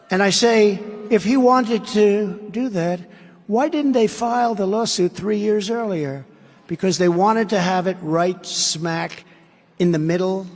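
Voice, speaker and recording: High-voiced man giving a combative arena speech. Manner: combative, repetitive, sarcastic asides. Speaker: politician addressing a rally. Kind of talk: campaign rally speech. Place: large indoor arena. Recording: long arena reverb.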